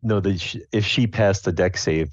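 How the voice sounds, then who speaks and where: A man's voice: sits low, moderate pace, no echo. A man playing a tabletop game, stammering and repeating himself as he explains his moves. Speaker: player. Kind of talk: casual tabletop game chat. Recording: dull, dry lo-fi mic.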